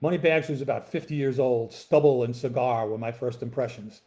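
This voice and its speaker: A man's voice: medium pitch, fairly quick. Man reading his novel aloud. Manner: relaxed, with fillers in the intro.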